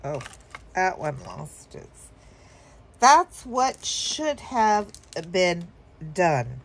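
A woman's voice: on the low side, sing-song, extremely slow, gravelly, slight background noise. A woman telling a story casually to her viewers, rambling with fillers and chuckling now and then. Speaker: vlogger.

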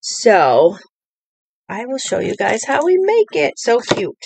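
A woman's voice: a little high, sing-song, slow pace, vocal fry, noisy background. A woman hosting a live-streamed craft tutorial from a home craft table, talking in a chatty, rambling way with many fillers. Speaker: craft demonstrator.

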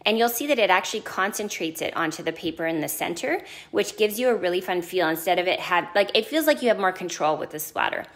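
A woman's voice: lowish voice, a bit bright. An adult woman demonstrating stamping techniques in a chatty, enthusiastic craft tutorial, talking through each step as she works.

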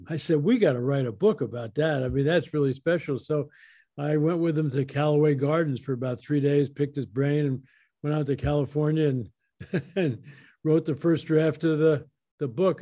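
A man's voice: on the high side, mellow. An older man, a guest author, telling folksy anecdotes in a casual interview and quoting conversations as he goes. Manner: folksy anecdotal storyteller, quotes others in dialogue.

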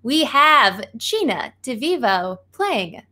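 A woman's voice: fairly high pitch, big pitch swings, slow pace, sharp tone. A woman hosting a live role-play show as game master, upbeat and enthusiastic.

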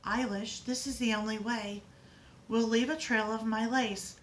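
A woman reading a steady, comforting older sister. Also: on the high side, measured pace, a little hiss or hum, close to an everyday voice. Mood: urgent, soothing. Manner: calm and reassuring.

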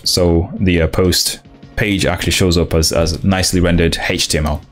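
A young man with a very low voice talks his way through a coding stream, thinking aloud and often restarting his sentences. Faint music plays behind him. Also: steady tone. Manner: thinks aloud, halting restarts, laughs along with chat. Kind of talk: casual live-coding stream.

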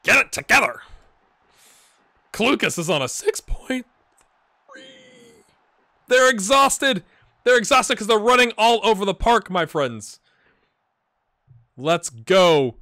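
A man hosting a gaming channel, giving excitable let's-play commentary, cheering on his players and thinking out loud. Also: sits high, slow, pauses often, dry recording. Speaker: video game channel host.

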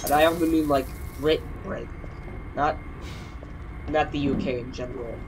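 A man's voice: medium pitch, normal speed, noisy background. A young man casually commenting while playing a video game, swearing often and rambling in asides. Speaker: gameplay commentator. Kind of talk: let's play commentary.

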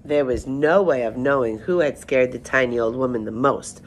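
Low-voiced woman reading a picture book. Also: slight background noise. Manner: expressive, slow storytelling. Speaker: storyteller.

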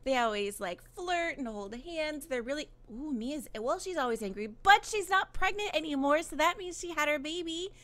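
A woman's voice: high voice, lively intonation, moderate pace, hardly any pauses, sharp tone. A young woman giving bubbly, gushing let's-play commentary as she plays a life-simulation game. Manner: bubbly, gushing, squeals with delight. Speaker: gaming YouTuber.

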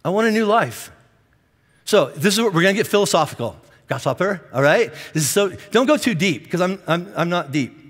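Animated high-voiced pastor in a reverberant hall. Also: male voice, brisk, few pauses. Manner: animated, self-deprecating joking with the congregation. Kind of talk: sermon. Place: large church auditorium.

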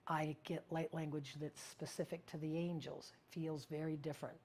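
A woman teaching spiritual practice in a casual, meandering way, often searching for words and sometimes dropping to a hush. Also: deep voice, little pitch movement, moderate pace, a little hiss or hum.

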